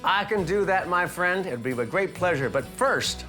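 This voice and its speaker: A man's voice: high-pitched, animated, moderate pace, bright, forceful tone. A man interviewed as a bagpiper, explaining history in an easy storytelling way. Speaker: bagpiper and guest. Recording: faint music behind.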